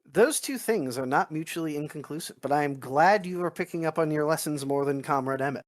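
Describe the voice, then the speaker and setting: A man's voice: a little high, brisk. A man playing a stern male political officer in a tabletop role-play, speaking formally and lecturing his comrades. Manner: formal, pedantic, debating. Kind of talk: in-character role-play chat.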